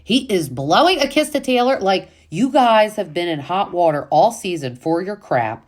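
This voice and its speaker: A woman's voice: medium pitch, big pitch swings, moderate pace. A woman hosting a casual reality TV recap, chatty and full of fillers, with exasperated asides.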